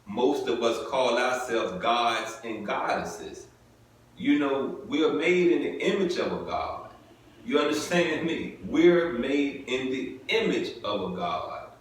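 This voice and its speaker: A man preaching from scripture, stopping between verses to riff casually and check in with the listeners over and over. His voice sits at a middle pitch. It sounds heavily echoey and picked up from a few steps away. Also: lively intonation, takes it slowly, slight background noise. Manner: conversational, repeats "you get it?" and "come on now"; informal vernacular speech. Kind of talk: scripture reading with commentary. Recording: very echoey, mic at a distance.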